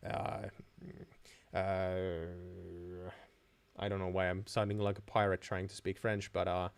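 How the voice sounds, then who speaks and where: A man's voice: mid-range voice, a little mellow. A young man from Finland hosting a live stream and answering viewer questions in a chatty way, with many restarts and fillers.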